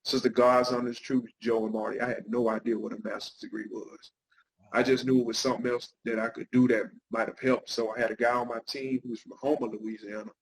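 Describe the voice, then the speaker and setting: A man's voice: mid-range voice, level tone, fairly quick, gravelly, a little hiss or hum, poor audio. A middle-aged man, a guest pastor and counselor, telling his life story in an interview with an earnest, heartfelt manner.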